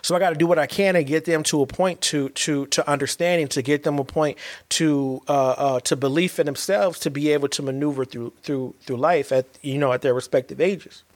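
A man's voice: fairly high pitch, steady tone, a little fast. A man and father giving a heartfelt monologue, earnest and emphatic, often repeating and restarting his words.

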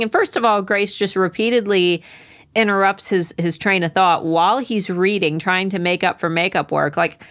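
A woman's voice: mid-range voice, moderate pace, fairly bright tone. A woman with a mid-range voice who recaps book chapters in a chatty, rambling way, amused and full of asides. She sounds like a casual co-host talking with a friend. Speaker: podcast co-host.

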